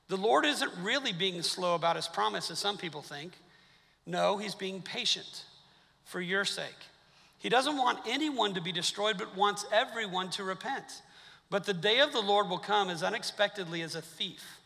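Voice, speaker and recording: A man's voice: high-pitched, moderate pace, gravelly, pushed and bright, big-room sound. A male pastor preaching a sermon in a church, talking conversationally with wry asides to his congregation. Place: church sanctuary.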